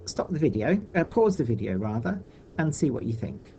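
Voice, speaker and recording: A man's voice: mid-range voice, very animated, moderate pace, warm tone, slight background noise. A man teaching a recorded video lesson for children, patiently talking through each step aloud.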